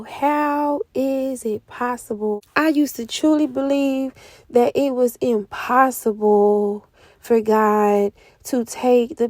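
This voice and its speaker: A young woman giving an emotional spoken testimony, moving between hushed whispers and loud outcries. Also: a little high, dry recording. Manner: speaks slowly with heavy pauses. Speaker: prophetic speaker. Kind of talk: testimony sermon.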